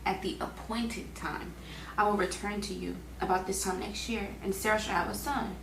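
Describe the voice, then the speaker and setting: A woman's voice: mid-range voice, fairly even intonation, moderate pace, vocal fry, a bit bright. A young woman reads the Bible aloud casually, stopping for chatty, slangy asides as a Bible reading host. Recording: echoey room with faint background hum.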